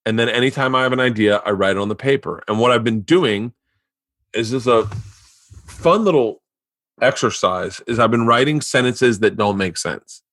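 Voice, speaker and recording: A man's voice: mid-range voice, normal speed, no echo, studio quality. Rambling, profane male podcast host. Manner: rambling, profane, excitable storytelling. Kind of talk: casual chat.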